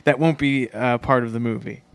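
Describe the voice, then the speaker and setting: A man's voice: mid-range voice, fairly even intonation, fairly quick, vocal fry, no echo. A man co-hosting a podcast, riffing playfully with a mock-serious tone in improvised comedy chat. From Canada. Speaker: podcast co-host.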